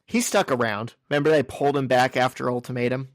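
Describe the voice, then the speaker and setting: A man's voice: mid-range voice, fairly even intonation, quick pace, no room sound, studio quality. A man co-hosting a podcast, casually walking through a comic's scenes with crude jokes along the way. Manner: crude, joking, recounts scenes in order. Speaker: podcast co-host. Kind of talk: casual chat recapping a comic.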